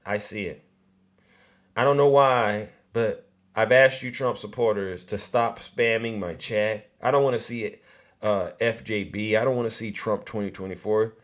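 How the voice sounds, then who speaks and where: A man hosting a political commentary livestream, loud and mocking, often repeating himself. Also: on the low side, fairly even intonation, moderate pace. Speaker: livestream host.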